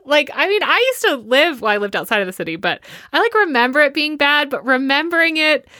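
A woman in her thirties co-hosting a podcast, chatty and quick to laugh as she recounts her week. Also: high-pitched, expressive, bright, forceful tone, dry recording, studio quality. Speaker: podcast co-host. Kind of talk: casual chat.

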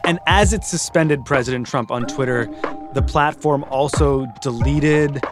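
A man hosting a news podcast, guiding the interview with brisk questions. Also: mid-range voice, over music. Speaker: podcast host.

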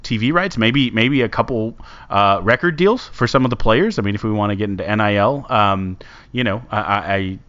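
A man hosting a casual sports podcast, talking in a rambling, halting way. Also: lowish voice, fairly bright tone. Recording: dull lo-fi sound.

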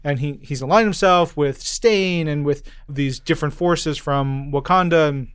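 A man's voice: fairly high pitch, a bit bright, clear, resonant tone, dry recording, studio quality. A man hosting a comics podcast, upbeat and joking, in a casual chat. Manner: upbeat, joking, quick asides. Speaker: podcast host.

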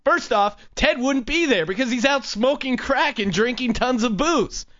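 Man, high voice, bright and forceful, mocking comedic host, dull lo-fi sound. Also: lively intonation, normal speed. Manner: mocking, riffing, laughs often. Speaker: podcast host. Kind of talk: casual comedic commentary.

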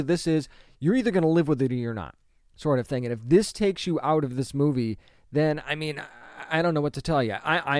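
A man's voice: on the high side, a little mellow, no echo, clean studio sound. A man in his thirties or forties giving opinionated solo commentary, emphatic and conversational, with lots of rhetorical questions. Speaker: pop culture commentator.

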